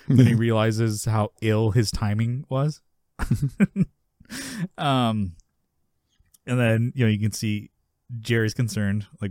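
A man co-hosting a podcast, casually recapping a sitcom episode and acting out the characters' lines with his voice jumping up high. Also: takes it slowly, pauses often, no room sound, studio quality. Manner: animated retelling, acting out characters' lines in a raised voice. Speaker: podcast co-host.

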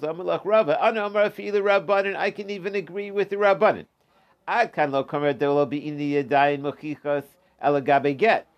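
A man teaching an informal Talmud class, explaining step by step and restating his points. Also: on the high side.

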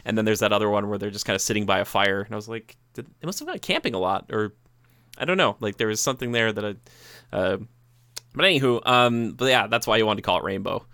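A man's voice: fairly low pitch, fairly even intonation, fast talker, pushed and bright, clear, resonant tone, dry recording. A man hosting a casual movie review chat, rambling and acting out quotes from scenes. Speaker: podcast co-host.

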